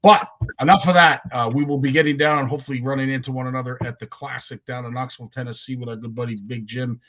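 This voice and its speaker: A man's voice: medium pitch, steady tone, fast talker, fairly bright tone. A man from Canada hosting a talk show, chatting casually with jokes at his own expense. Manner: jokey, self-deprecating. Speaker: host. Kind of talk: casual chat.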